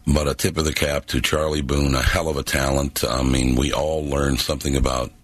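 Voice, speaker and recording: A man's voice: a bass voice, little pitch movement, brisk, no room sound. A man hosting a radio talk show, telling stories and jokes in a casual, emphatic way. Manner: storytelling, jokey, emphatic. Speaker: radio host.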